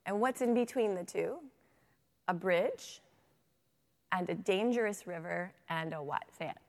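A kindergarten teacher speaking at a faith talk into a microphone. She is lively and asks the audience to answer her. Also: lowish voice, a little slow. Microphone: handheld microphone. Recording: long reverb of a hall.

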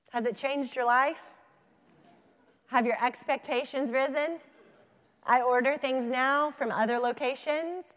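Animated woman speaker in a reverberant hall. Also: a little high. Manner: animated storyteller, acts out dialogue. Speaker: keynote speaker. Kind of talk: conference talk with storytelling.

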